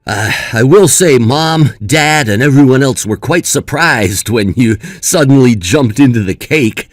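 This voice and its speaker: A man's voice: medium pitch, animated, a little slow, no echo. A man playing a young brother who comforts his sister in a reassuring, sympathetic way. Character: caring young brother, supportive and indignant.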